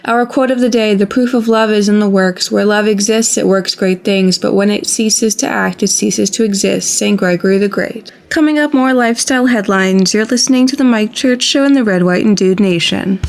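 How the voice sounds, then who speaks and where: A woman news reader giving scripted headlines in an even, measured newscaster delivery. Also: medium pitch.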